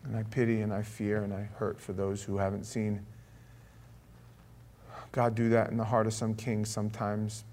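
A man in his fifties preaching a sermon in an animated way, acting out voices and asides. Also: on the low side, normal speed, pauses often, slight background noise. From Florida. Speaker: pastor.

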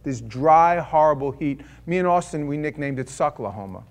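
A middle-aged man, a preacher, telling a personal story to an audience in an animated, self-deprecating way, swinging between loud outbursts and quiet confession and acting out his own thoughts. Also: fairly high pitch, moderate pace, a crowd in the background.

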